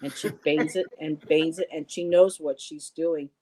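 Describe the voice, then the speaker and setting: A woman's voice: low voice, fairly even intonation, a little slow, warm tone, low-quality recording. A woman hosting a casual livestream, reading viewer comments aloud and greeting people by name, with frequent ums and restarts. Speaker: livestream host.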